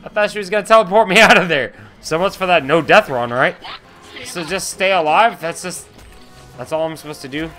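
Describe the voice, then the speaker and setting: A young man narrates his game in a high, bright voice. He gets excitable fast, yelling and cursing at whatever attacks him. Faint game music plays under his talk. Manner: excitable, yelling and swearing at enemies. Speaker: gamer playing a shooter. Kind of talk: let's play commentary.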